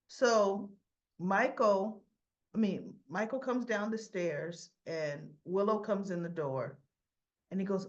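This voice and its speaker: A woman's voice: medium pitch, takes it slowly, long pauses, dull audio. Chatty woman recapping soap scenes. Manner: chatty, retells scenes in quotes with asides. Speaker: soap opera recap vlogger. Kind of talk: casual episode recap.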